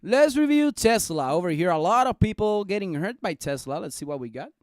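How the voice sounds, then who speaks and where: Excitable young man live-streaming. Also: sits high, a little fast. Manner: excitable, jokey, talks to viewers. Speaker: stock market live streamer. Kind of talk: casual live-stream chat.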